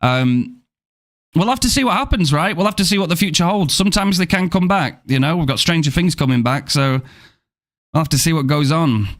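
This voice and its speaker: British man, young, live-streaming a game, casual banter with chat, profane, slightly raised pitch. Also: animated, brisk, a bit bright. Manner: playful, talkative, swears freely.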